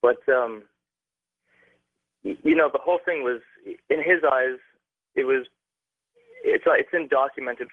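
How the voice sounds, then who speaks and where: Young man telling a tale down a phone line. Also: mid-range voice. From Canada. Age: young adult. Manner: halting, many fillers and restarts. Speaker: caller. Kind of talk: phone-in storytelling. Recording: tinny dry phone line.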